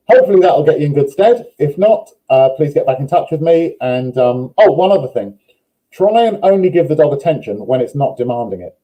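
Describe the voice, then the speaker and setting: A man, a dog trainer, explaining step by step in a steady, instructive way during a live online question session. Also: mid-range voice, fast, low-quality recording.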